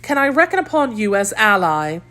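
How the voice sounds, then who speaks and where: A woman's voice: medium pitch, big pitch swings, fairly quick, voice pushed up. A woman voicing a proud, manipulative noblewoman in an audiobook, coaxing and calculating. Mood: scheming. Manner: coaxing, calculating, softly haughty.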